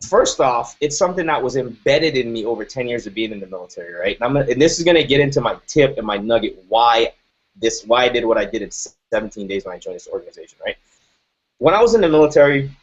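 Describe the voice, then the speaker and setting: A man's voice: medium pitch, slightly rough. A man in his thirties giving an emphatic motivational talk, often asking "right?". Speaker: motivational speaker. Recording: dull lo-fi recording.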